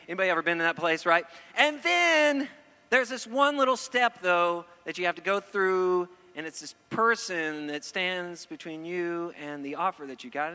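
A man preaching a sermon to a live audience, animated and joking, often asking the crowd questions. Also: sits high. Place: church hall before an audience. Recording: long hall reverb.

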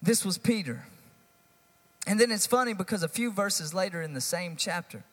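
A male pastor giving a sermon, casual and animated, stressing lines and talking straight to the congregation. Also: sits high, moderate pace, big-room sound. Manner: animated, conversational preaching with rising emphasis.

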